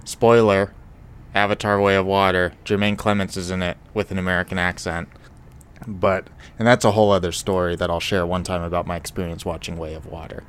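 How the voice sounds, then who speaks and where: Low-voiced joking man podcaster. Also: flat delivery, a little fast, smooth. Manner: joking, rambling with fillers. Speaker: podcast co-host. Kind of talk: casual podcast chat.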